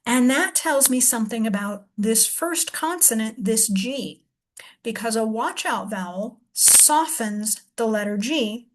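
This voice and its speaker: A woman teacher walks through a word, thinking aloud and sounding out each syllable slowly. Her voice sits a little high. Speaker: reading teacher. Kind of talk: demonstration lesson.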